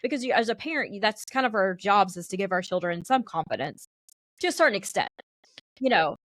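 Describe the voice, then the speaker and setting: A woman hosting a podcast interview, affirming her guest and quick to agree. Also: medium pitch, expressive, a bit bright, no echo, clean studio sound. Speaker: podcast host, holistic lifestyle coach. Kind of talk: casual interview conversation.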